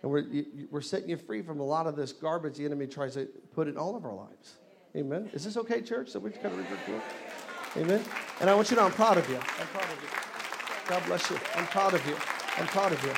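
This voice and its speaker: Guy pastor preaching in church, kinda high voice, call and response stuff, congregation faint in back. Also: quick pace, creaky, crowd noise, noisy background. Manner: call-and-response preaching, building to loud exclamations. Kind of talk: sermon. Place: church hall.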